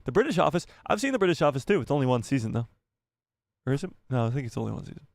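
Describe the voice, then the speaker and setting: A man's voice: mid-range voice, very animated, rapid-fire, vocal fry, no room sound. A man hosting a live stream, chatting casually with viewers, joking and rambling with frequent laughs. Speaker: livestream host.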